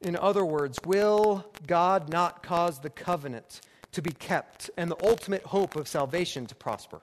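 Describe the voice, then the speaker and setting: A man preaching a sermon, emphatic and building his points through repeated phrases. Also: a little high. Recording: long reverb with faint background noise.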